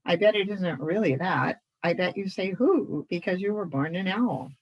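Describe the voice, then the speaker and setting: A woman's voice: lowish voice, expressive, moderate pace, muffled recording. A woman voicing a saucy, bouncy patchwork doll girl with a teasing manner.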